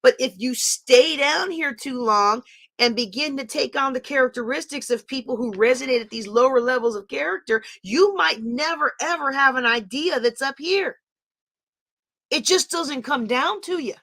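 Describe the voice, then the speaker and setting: A woman, teaching an online class in a chatty, animated way while drawing on a board. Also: high voice, moderate pace.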